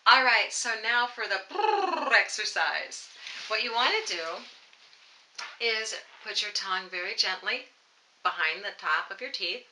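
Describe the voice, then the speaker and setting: A woman voice teacher leading a playful, encouraging vocal warm-up lesson straight to camera. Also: medium pitch, animated, measured pace, slight background noise, low-quality recording. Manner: playful, encouraging, demonstrates exercises. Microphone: camera mic, close framing.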